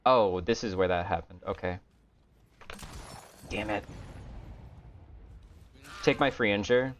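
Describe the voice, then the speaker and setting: A man streaming a game, talking to himself in a low-energy, grumbling way and swearing often. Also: slow pace, long pauses. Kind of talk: casual gameplay commentary. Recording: dull lo-fi stream audio.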